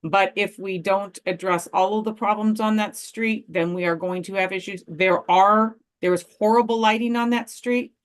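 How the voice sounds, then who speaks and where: A woman's voice: mid-range voice, fairly even intonation, moderate pace, hardly any pauses, smooth. A woman speaking as a resident during public comment at a city meeting, earnestly airing a frustrated complaint.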